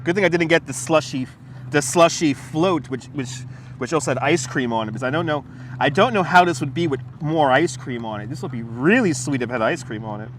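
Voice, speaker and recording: A man walks and talks on a livestream, his voice a little higher than most. He rambles, laughs easily and swears as he answers chat. A lapel mic picks him up over faint street traffic. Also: brisk. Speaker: livestream host. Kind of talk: casual live-stream chat while walking. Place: outdoors on a city waterfront. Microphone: wireless lapel mic.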